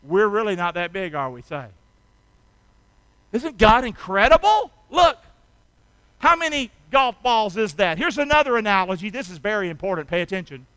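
In a church, a man preaches a sermon as pastor, animated and urging the congregation to respond, swinging from hushed intimacy to loud shouts. His voice sits high at a normal speed with a clean tone, and the recording is dry.

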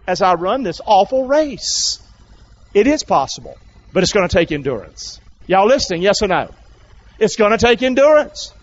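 A male pastor with a high-pitched voice delivers an animated sermon to a full church. He keeps calling out to the congregation and pressing them to respond. The recording sounds dull and lo-fi. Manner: animated, coaxing calls to the congregation.

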